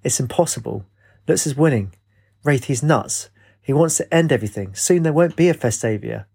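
A man's voice: medium pitch, expressive, normal speed, creaky, a little mellow, slightly rough. Urgent captain, pleading, storybook, man reading. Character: urgent male captain rallying help.

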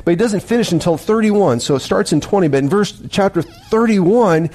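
A man's voice: high-pitched, animated, quick pace, a little mellow. A middle-aged man preaching as a pastor, telling a dream in a rambling, emphatic way with many restarts. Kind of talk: sermon with dream story.

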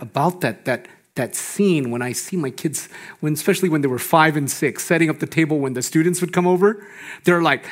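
Pastor guy preaching, bit of a higher voice, gets loud then drops way down quiet, laughs a lot. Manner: animated, swings between loud emphasis and hushed low lines; laughs often between phrases. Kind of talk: sermon.

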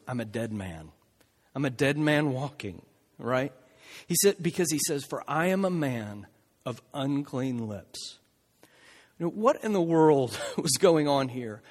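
Expressive male preacher in a reverberant hall. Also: a little high. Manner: expressive, dramatic swings between soft and emphatic. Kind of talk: sermon.

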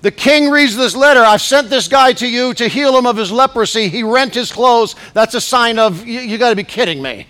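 A man preaching a sermon as bishop, acting out scripture quotes and swinging between shouted climaxes and soft asides. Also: very high-pitched, normal speed, hardly any pauses. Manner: acts out scripture quotes in raised voice. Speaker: pastor.

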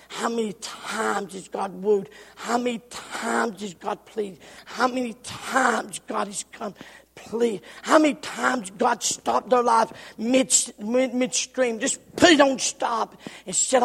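A man preaching a sermon with rhythmic, repetitive phrasing, swinging from shouts down to hushed whispers. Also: very high-pitched, fairly even intonation, a little slow, gravelly, breathy edge. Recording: long reverb of a large hall.

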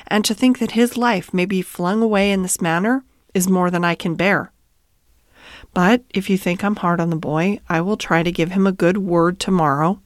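A woman's voice: fairly low pitch, steady tone, dry recording, clean studio sound, close to an everyday voice. A woman reading a devoted, sorrowful male groom. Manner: slow and heavy, rising to indignant outrage. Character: earnest male head groom, devoted to his horse. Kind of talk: storybook read-aloud.

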